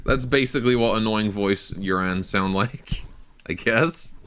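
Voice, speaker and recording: A man's voice: on the low side, unhurried, background noise. A young man casually commenting on his game live, rambling, joking and often laughing, on a close cheap stage mic. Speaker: game streamer.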